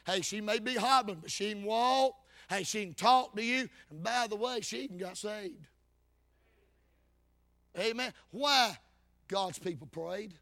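A man preaches a sermon. His voice sits very high and sounds bright and forceful. He preaches in a fervent, folksy way, swinging between loud calls and low asides. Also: measured pace, creaky, long pauses. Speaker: Baptist preacher.

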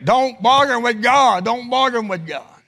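A middle-aged man preaching a sermon in a church, with chanted, sung-out phrases, then falling to a hushed voice in prayer. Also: very high voice, expressive, measured pace. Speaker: pastor. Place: church sanctuary.

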